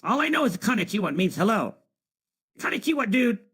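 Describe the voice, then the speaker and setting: A male voice playing a hyper, dim-witted cartoon teenage boy with a very raspy, shrill voice, giggling and blurting in an AI-generated chat stream. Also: very animated, brisk, fairly bright tone, heavily acted.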